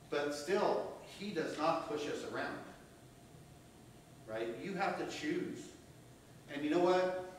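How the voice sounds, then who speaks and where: A male pastor preaching a sermon, rising to loud emphasis and dropping to hushed tones, often asking "right?". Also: medium pitch, distant mic. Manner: asks the congregation "right?" often. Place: church hall. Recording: very echoey room, voice from off-mic, faint hum.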